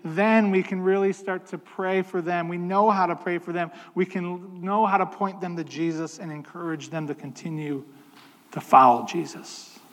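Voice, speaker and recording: A man preaching a sermon in a conversational way, slowing down to stress key points. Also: high voice, level tone, big-room sound. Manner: conversational, slows down for emphasis. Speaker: pastor.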